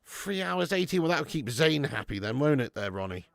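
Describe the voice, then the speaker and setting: A man's voice: a little high, very animated, fairly quick, vocal fry, no room sound, clean studio sound. A man hosting a live football watch-along, reading the chat and chatting with viewers in a casual, sweary way, calling everyone mate and laughing often.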